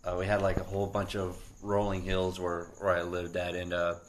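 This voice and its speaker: A man from Florida casually recounting a memory on a podcast, in a halting way with restarts. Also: sits low, monotone, slight background noise. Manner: halting, full of fillers and restarts. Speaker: podcast co-host. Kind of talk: casual chat, storytelling.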